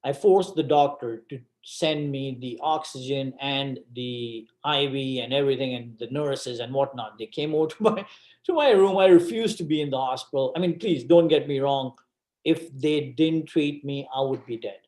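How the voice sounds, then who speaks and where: A man's voice: medium pitch, normal speed, a little mellow. A man giving a presentation, telling a personal story with dramatic, emphatic repetition. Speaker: guest speaker. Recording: roomy event hall.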